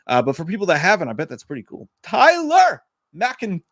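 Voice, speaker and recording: A man's voice: on the high side, lively intonation, rapid-fire, a bit bright, dry recording, clean studio sound. A man co-hosting a live movie podcast, riffing in a profane, rambling, casual way. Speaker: podcast co-host.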